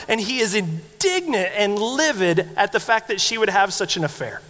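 A man preaching a sermon as pastor, telling stories with animated, acted-out quotes. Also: high-pitched, normal speed, hardly any pauses, long reverb tail. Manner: animated storytelling, acting out quoted voices.

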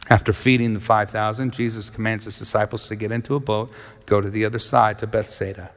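In a large hall, a pastor with a mid-range voice delivers a sermon, reading from scripture and then retelling it in vivid storytelling as he acts out the characters' voices.

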